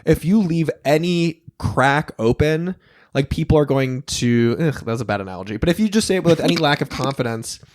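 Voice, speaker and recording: A young man talking as a podcast guest in casual interview chat, blunt and emphatic, swearing freely with lively asides. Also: on the high side, a little fast.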